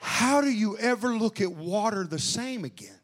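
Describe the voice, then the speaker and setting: A man preaching an impassioned revival sermon, shouting and calling out to the congregation. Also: high voice, expressive, normal speed.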